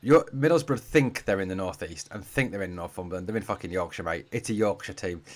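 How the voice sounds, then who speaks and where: A man's voice: deep voice, fairly quick. A man from Durham with a northeast English accent, hosting a live football watch-along from home and chatting to viewers as he reads their comments. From Durham, northeast England. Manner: chatty, addresses viewers as mate and guys. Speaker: football fan channel host. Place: home room being packed up for a move.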